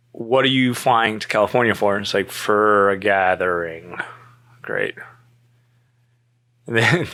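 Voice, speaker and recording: Storytelling man, low bright voice, animated, jumps into quoted voices, laughs a lot. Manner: animated, acts out quoted dialogue, laughs often. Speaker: storyteller guest. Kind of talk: casual storytelling chat.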